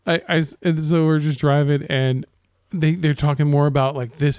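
A man's voice: fairly high pitch, a little fast, hardly any pauses, a little mellow, smooth, no room sound, clean studio sound. A man in casual podcast chat, telling rideshare driving stories with lots of swearing and laughter. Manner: profane, laughing storyteller.

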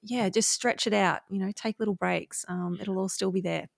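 A woman's voice: medium pitch, steady tone, normal speed, gravelly, dry recording, clean studio sound. A woman hosting a podcast interview, encouraging and supportive of her guest. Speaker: podcast host.

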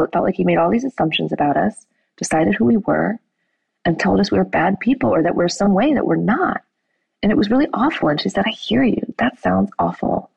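Husky, gravelly woman telling a story. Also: fairly low pitch, no room sound, muffled recording. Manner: animated storytelling, acting out quoted voices. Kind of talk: casual conversation.

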